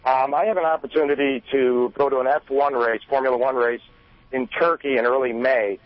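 A man's voice: medium pitch, fairly even intonation, brisk, no echo. A man calling in to a radio show, polite and hesitant with fillers. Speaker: caller. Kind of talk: phone-in questions. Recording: dull band-limited radio audio.

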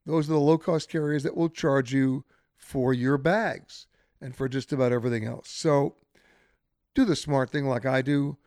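A man's voice: medium pitch, fairly even intonation, moderate pace, darkish tone, no room sound, clean studio sound. A man hosting a radio travel show, giving chatty, emphatic travel advice straight to listeners. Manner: chatty, emphatic, gives direct travel tips. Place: hotel where the show is broadcast.

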